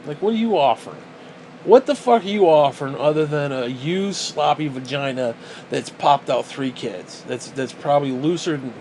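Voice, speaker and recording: A man's voice: mid-range voice, darkish tone, a little hiss or hum. A man vlogging a casual rant to the camera, crude, profane and exasperated.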